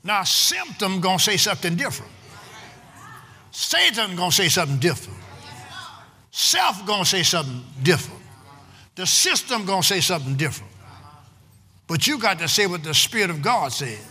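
High, bright-voiced shouting preacher. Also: male voice, sing-song, normal speed, pauses often, a little hiss or hum. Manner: shouting, rhythmic call-and-response preaching. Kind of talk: sermon. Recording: long hall reverb.

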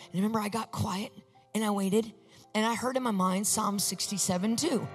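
A woman sharing a personal faith testimony, storytelling in an animated way and acting out the voices she quotes. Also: on the high side, a little fast, faint music behind. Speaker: Christian speaker sharing a testimony.

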